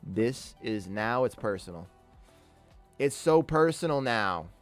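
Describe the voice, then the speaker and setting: A man streams his trading live, talking through every move with frequent swearing and open exasperation. His voice sits at an ordinary middle pitch, with faint music playing softly behind him. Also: animated, slow pace. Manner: exasperated, swears often, talks to himself about trades. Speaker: day trader streaming live. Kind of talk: live trading commentary, reading chat.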